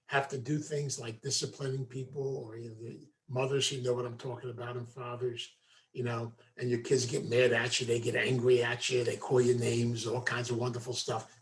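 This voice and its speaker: A man, a meditation teacher, giving a folksy storytelling talk to a group, full of asides. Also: mid-range voice. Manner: folksy, conversational, many asides.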